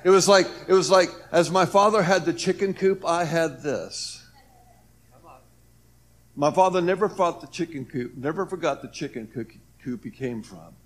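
A man's voice: on the high side, moderate pace. A man giving a personal testimony, earnest, his voice swelling and dropping as he acts out what others said. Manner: earnest, voice rises and falls with the story, acts out quoted speech. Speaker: speaker telling his near-death story.

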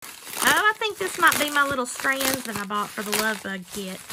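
A woman vlogger chatting casually as she unboxes things, gushing and easily excited. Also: high-pitched, moderate pace, noisy background. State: out of breath. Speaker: jewelry-making vlogger.

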